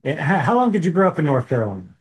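A man's voice: on the high side, very animated, racing. A man, co-hosting a casual podcast chat with joking asides and restarts. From Indiana. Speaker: podcast co-host.

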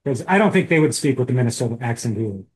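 A man's voice: medium pitch, animated, very fast. A man, co-hosting a casual podcast chat with joking asides and restarts. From Indiana. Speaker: podcast co-host.

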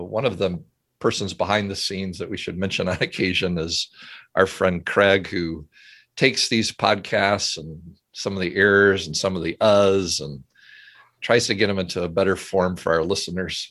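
Genial, low-voiced middle-aged podcast host. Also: male voice, steady tone, moderate pace, a bit bright, dry recording. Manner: chatty, genial, often chuckling. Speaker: podcast host, seminary professor. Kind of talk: casual podcast chat.

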